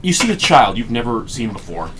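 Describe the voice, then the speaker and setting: Lively male game master. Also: mid-range voice, a little fast, crowd noise. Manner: lively, descriptive scene-setting. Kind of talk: narrating a tabletop game.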